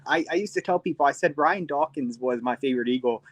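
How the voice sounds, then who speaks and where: A man's voice: a little high, fast talker, no room sound, poor audio. A young man hosting a postgame reaction stream, emotional and rambling, swearing freely as he talks. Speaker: host.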